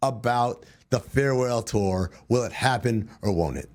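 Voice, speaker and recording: A man's voice: medium pitch, moderate pace, darkish tone. A man co-hosting a sports talk show, laying out playful bets in casual chat and laughing often.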